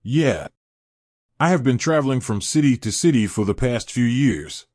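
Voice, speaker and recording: A man's voice: medium pitch, lively intonation, moderate pace, a little mellow, no echo, studio quality, lightly acted. A man reading aloud and voicing a sad, guarded young ninja man who answers in short replies.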